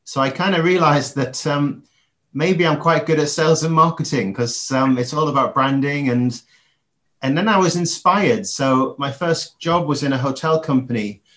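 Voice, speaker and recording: A man's voice: fairly high pitch, normal speed, a bit bright. An English man in his forties, a guest on a podcast interview, talking reflectively with frequent ums and restarts. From England.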